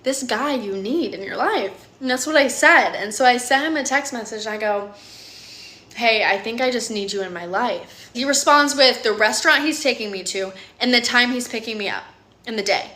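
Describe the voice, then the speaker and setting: Bright-voiced woman telling a story in an echoey room. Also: a little high, brisk. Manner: earnest, animated, lots of "like" and "literally". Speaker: woman sharing her dating story. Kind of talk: emotional personal storytelling.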